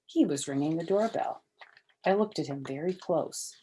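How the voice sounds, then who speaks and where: An older woman reading a children's chapter book aloud, animated in the lively parts and soft and hushed in the quiet ones. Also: deep voice, normal speed, slight background noise.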